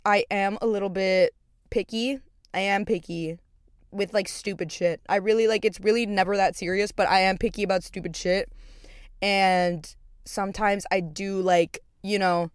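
A woman's voice: medium pitch, smooth, no room sound. Chatty young woman podcast host, dry sound. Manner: rambling, profane, filler-heavy; expressive storyteller. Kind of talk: casual monologue.

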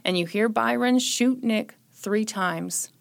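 A woman co-hosting a casual true-crime chat, retelling the details of a case with wry, dark jokes. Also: on the high side, slow pace, gravelly. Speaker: podcast co-host.

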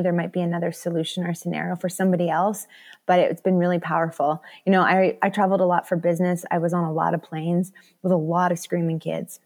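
A woman in her thirties, a podcast guest, chatting casually and acting out her own thoughts in animated asides. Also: on the low side. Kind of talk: casual interview chat.

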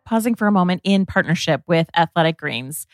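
A woman's voice: lowish voice, animated, brisk, over loud music. A woman co-hosting a beauty podcast, introducing the episode and reading a sponsor ad in an upbeat, conversational way. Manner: upbeat, conversational, sometimes says "like". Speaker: podcast co-host. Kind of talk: podcast intro and host-read ad.

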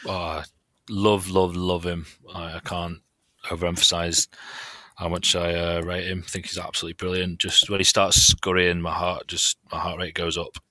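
A Mancunian man gushes about his favourite player. His deep voice is bright and recorded dry. He sounds like a devoted fan. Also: level tone, normal speed, no echo. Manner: enthusiastic fan, gushing. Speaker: fan guest on podcast. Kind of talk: casual football chat.

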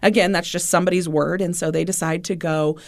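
A woman's voice: on the low side, fairly even intonation, brisk. A woman from the Midwest US, a podcast host, retelling a true-crime case in a chatty way and acting out the people in it. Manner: chatty retelling, acts out dialogue. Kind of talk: casual true-crime storytelling.

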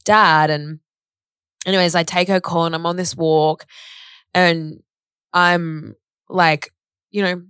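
Young aussie woman rambling through a story, lots of "like", lowish voice, dry close mic. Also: flat delivery, slow, long pauses, fairly bright tone, clear, resonant tone, no echo. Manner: rambling storytelling, many "like" fillers, re-enacts dialogue. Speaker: podcast co-host sharing a personal story. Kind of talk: casual chat.

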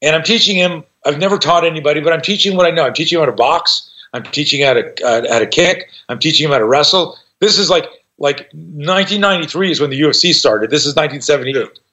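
Brief: man, 60s, self-defense teacher, raised-pitch lively storyteller, cussing, lo-fi dull recording. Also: quick pace, hardly any pauses. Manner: profane, animated, acts out voices in his stories. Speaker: self-defense instructor, guest. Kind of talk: storytelling in a conversation. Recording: dull lo-fi sound.

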